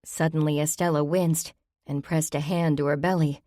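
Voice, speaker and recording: A woman narrates a story in a low voice with a light, wry touch. The recording is dry and close, with no room sound. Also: fairly even intonation, normal speed, warm tone, no echo. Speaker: audiobook narrator. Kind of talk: scripted narration.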